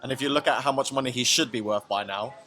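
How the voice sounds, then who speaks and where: A young man, a comedian hosting a casual podcast, teasing his co-host in a deadpan way. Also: mid-range voice, fast talker. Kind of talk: casual chat.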